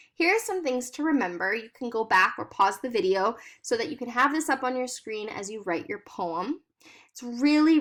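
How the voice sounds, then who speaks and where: A woman's voice: a little high, a bit bright. Upbeat woman teacher explaining a lesson. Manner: clear, encouraging, explains step by step. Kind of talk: recorded classroom lesson.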